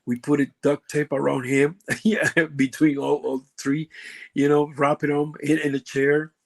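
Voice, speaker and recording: Puerto Rican man telling halting stories. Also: a little high, flat delivery, gravelly. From Puerto Rico. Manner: halting, lots of fillers and restarts, broken grammar. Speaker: guest, former pro wrestler. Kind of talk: casual storytelling interview.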